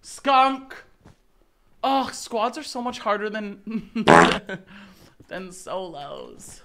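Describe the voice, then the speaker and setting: A young man streaming a game with casual chatter, excitable with dramatic reactions and playful teasing. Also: high voice, very slow, background noise.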